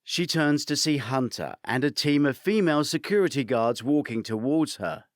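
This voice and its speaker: A man narrating a first-person thriller audiobook, shifting between characters in an animated reading. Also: mid-range voice, moderate pace, no room sound, clean studio sound.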